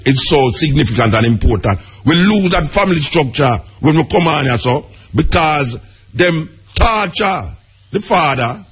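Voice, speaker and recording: A man's voice: fairly high pitch, fairly bright tone, breathy edge. A Jamaican man hosting a radio talk show, speaking emphatically and repeating his key points. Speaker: radio host.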